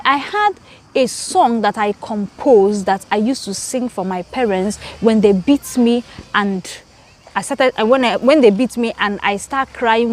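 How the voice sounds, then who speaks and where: A woman's voice: medium pitch, a little hiss or hum. A woman, hosting her own vlog and chatting to viewers in a garden, repeating words as she talks. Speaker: channel host. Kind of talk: casual storytelling vlog. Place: outdoors in a garden.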